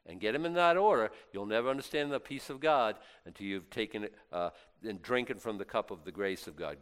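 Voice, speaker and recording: A man preaching a casual, humorous sermon, swinging between loud bursts and hushed asides, with frequent stammered restarts. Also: fairly low pitch, lively intonation, brisk, hardly any pauses, smooth. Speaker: pastor.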